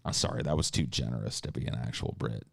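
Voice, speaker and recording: A man's voice: rumbling low, quick pace, vocal fry, no room sound, clean studio sound. A man hosting a podcast, talking in a crude, joking, ranting way. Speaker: podcast host. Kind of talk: casual comedic podcast chat.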